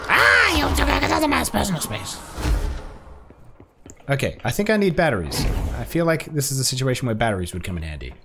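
A male streamer doing casual let's-play commentary, excitable, joking and swearing at the game. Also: mid-range voice, normal speed, a little hiss or hum. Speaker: gaming streamer.

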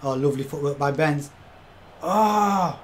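A man's voice: a little high, measured pace, slight background noise. A young man commentating his own football video game match live, swearing often and talking to his chat as "lads". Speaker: game streamer.

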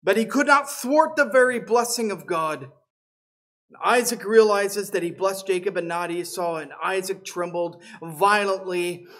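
A pastor preaches from the pulpit and retells a scripture story with steady, earnest delivery. He walks his listeners through the passage, stopping now and then to explain it. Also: high-pitched, measured pace. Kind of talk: sermon.

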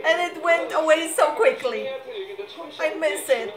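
A woman reacting to a video as a fan, gushing with excited exclamations and sounding sleepy. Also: high-pitched, a little slow, a crowd in the background. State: sleepy, just woke up. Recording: roomy echo with show music playing. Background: music from the video being watched.

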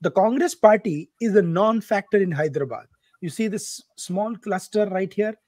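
A man hosts a casual political podcast in a fairly high voice. He walks through numbers chattily and tosses in joking asides. The sound is dry and close. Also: moderate pace, a little mellow, dry recording. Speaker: podcast host.

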